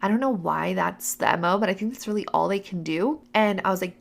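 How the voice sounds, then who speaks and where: A woman's voice: fairly low pitch, brisk, gravelly, few pauses. A young adult woman hosting a podcast, telling personal stories in a chatty, casual way. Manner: chatty, acts out voices in quotes. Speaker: podcast host. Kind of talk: casual storytelling.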